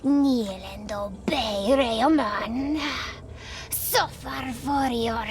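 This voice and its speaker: Casting: a whispery vampire woman, foreign-sounding, very slow, game music behind. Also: fairly high pitch. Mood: menacing. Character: hissing female vampire foe. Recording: game audio under music.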